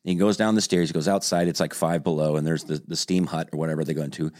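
Very deep and rapid-fire, this man's voice belongs to a podcast host telling a story in casual chat. He's an animated storyteller who acts out the quotes with plenty of energy.

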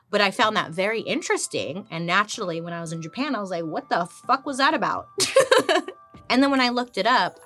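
A woman's voice: lowish voice, sharp tone. A woman in her thirties hosting a history podcast, chatty and irreverent, swearing casually as she tells the stories. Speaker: podcast host.

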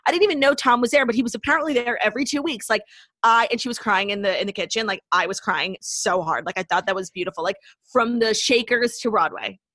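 A woman's voice: on the high side, sharp tone, dry recording, studio quality. A young woman co-hosting a podcast, chatting casually and gushing with a profane edge. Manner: gushing, profane, fast recaps of reality TV. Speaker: podcast co-host. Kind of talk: casual chat.

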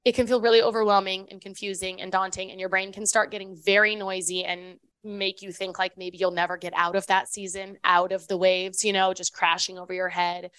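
A woman's voice: mid-range voice, flat delivery, a little fast, few pauses, fairly bright tone, clean tone, no room sound. A woman co-hosting a podcast in casual chat, rambling with lots of fillers and restarts. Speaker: podcast co-host.

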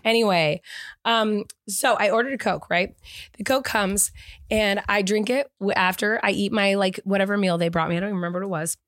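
Fast chatty woman podcaster, rambly stories, dry close mic. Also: mid-range voice, fairly bright tone, no echo. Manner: chatty, storytelling, rambling asides. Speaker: podcast co-host. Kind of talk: casual chat.

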